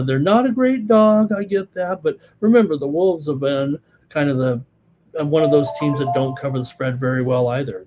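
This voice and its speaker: A male sports betting show host giving live analysis, talking fast with many fillers and reading out viewer comments. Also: a little high, darkish tone, a little hiss or hum.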